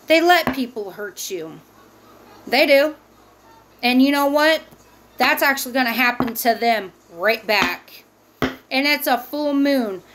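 A woman's voice: sits high, animated, slow, long pauses, a bit bright, slight background noise. A woman giving a tarot reading, heated and emphatic and swearing freely. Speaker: tarot reader. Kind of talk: spiritual tarot reading monologue.

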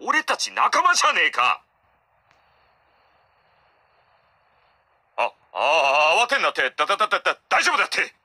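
Rough, bright-voiced game soldier. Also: male voice, fairly high pitch, wildly swooping pitch, very fast, exaggerated voice. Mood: panicky. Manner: gruff slangy street talk, stammers when panicking. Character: rough young male soldier teammate in a shooter game. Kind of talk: game voice lines.

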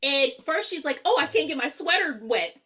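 A woman with a high, bright voice co-hosts a casual movie review podcast. Her pitch leaps around as she throws in wry jokes and curses. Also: big pitch swings, normal speed. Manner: wry, joking asides, profane. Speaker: podcast co-host.

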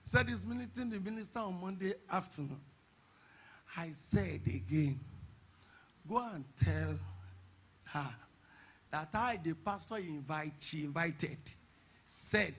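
A man pastor preaching a sermon at a church conference, telling stories and breaking into shouted emphasis. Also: high voice, animated, unhurried, long pauses, breathy edge. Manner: storytelling preacher who bursts into shouted emphasis.

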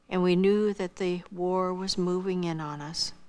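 An older woman from Iowa, a missionary, earnestly shares her life testimony, acting out dialogue and dropping softly toward a whisper at tender moments. Her lowish voice stays steady at a measured pace.

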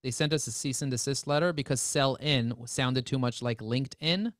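A man presenting a live webinar, talking in energetic, joking sales patter. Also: mid-range voice, moderate pace, dry recording, clean studio sound.

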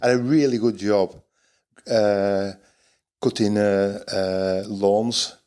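A man's voice: lowish voice, fairly even intonation, slow pace, mellow, clear, resonant tone. Older Northern English man, rambling chat. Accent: Northern English with some Dutch. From North West England. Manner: chatty, rambling, with many fillers and restarts. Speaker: guest angler. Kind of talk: casual interview chat.

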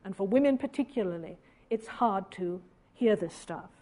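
A woman giving a public lecture, speaking in a measured, deliberate way with hesitant pauses and dry asides. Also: mid-range voice, lively intonation, mellow. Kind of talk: public lecture with read-out quotations.

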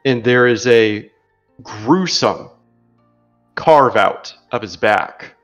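A man narrating a tabletop role-playing game as game master, in a slow and measured way. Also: medium pitch, expressive, fairly bright tone, soft background music.

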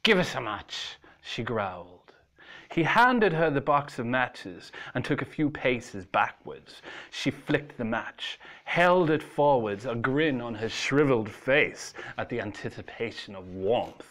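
A man reading a ghost story aloud in a slow, suspenseful way. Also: mid-range voice, expressive, fairly bright tone.

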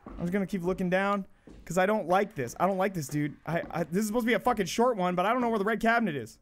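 A woman streaming a horror game, commenting nonstop in a panicky, swearing way that swings from low mutters to sudden screams. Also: rapid-fire, slight background noise.

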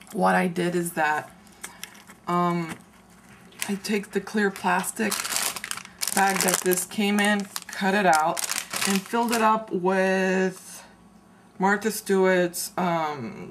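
A woman casually showing her handmade craft album, chatty and meandering, often pausing mid-sentence to search for words. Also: mid-range voice, fairly even intonation, noisy background. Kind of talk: casual show-and-tell craft video.

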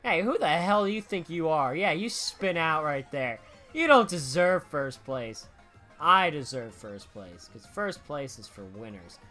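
A young man streaming a racing game live, muttering his moves and then yelling and swearing when he gets hit. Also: a little high, sing-song, unhurried, soft background music. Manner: swings from muttering to shouting outbursts, swears a lot. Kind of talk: live gameplay commentary.

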